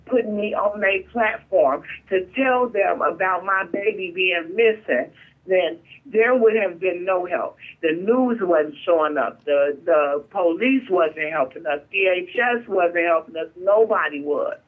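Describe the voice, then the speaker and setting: A woman's voice: fairly low pitch, unhurried. Emotional woman on a tinny phone line. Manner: emotional, emphatic, repetitive. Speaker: guest. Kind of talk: phone-in testimony.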